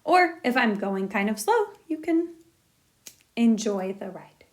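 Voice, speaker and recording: A woman's voice: fairly high pitch, sing-song, takes it slowly. A woman teacher walking through a recorded lesson step by step, upbeat and encouraging.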